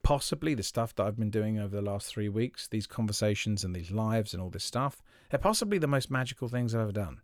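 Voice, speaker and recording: A man hosting his own podcast, talking reflectively and haltingly with many fillers and restarts. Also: fairly low pitch, lively intonation, no room sound, studio quality. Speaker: podcast host, magician. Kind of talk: reflective solo podcast talk.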